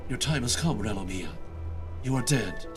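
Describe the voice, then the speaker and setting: A man voicing a grim male reaper who speaks in slow, ominous pronouncements with deadpan humor, in a game quest fan voice-over. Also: medium pitch, music in the background, voice pushed down, close to an everyday voice. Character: grim male reaper, solemn and dryly wry.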